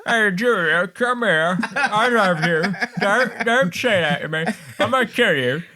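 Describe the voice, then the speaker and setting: A man's voice: high-pitched, expressive, a little slow, sharp tone, voice pushed up, full character voice. A man putting on a mock-dramatic voice for a menacing, lovesick killer. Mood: mock menace.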